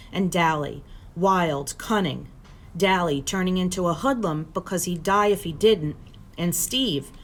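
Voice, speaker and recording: A teacher reading a novel aloud to her students in steady, plain storytelling. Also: on the low side, a little hiss or hum.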